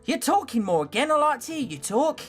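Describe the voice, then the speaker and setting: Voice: high-pitched, sing-song, brisk, faint music behind, pitched above the performer's own voice. A player reading a visual novel aloud, voicing a poor, plain-spoken young maid with a put-on Northern English accent. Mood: homely. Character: cheerful poor scullery maid girl.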